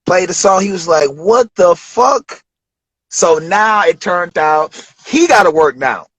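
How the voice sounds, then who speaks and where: A man telling a studio story as an interview guest, animated, acting out quotes with big jumps in pitch. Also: moderate pace, no room sound. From Detroit.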